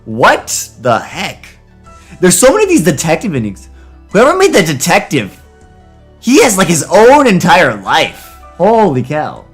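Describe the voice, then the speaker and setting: A man streaming a text adventure game live, reacting with loud, excitable outbursts. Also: a little high, a little slow, slightly rough, soft background music.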